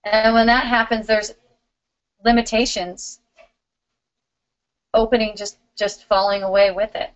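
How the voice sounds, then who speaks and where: A middle-aged woman hosting a live spiritual question-and-answer stream, talking in a warm, giggly, loving way. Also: fairly high pitch, flat delivery, measured pace, long pauses, dull audio.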